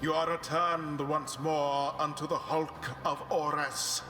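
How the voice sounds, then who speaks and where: A booming, grave herald, proclaiming each word slowly in an unusually high register. His voice rings out through a long, echoing hall, with game music swelling beneath. It is ceremonial and otherworldly. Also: little pitch movement. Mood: solemn. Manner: slow, archaic, proclaiming. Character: solemn booming male herald of rites. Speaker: game announcer voice. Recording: echoey hall reverb from game audio.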